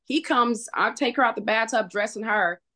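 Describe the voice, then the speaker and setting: A woman guest on a podcast, telling a painful personal story in an emotional, halting way, full of restarts. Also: fairly high pitch, pushed and bright.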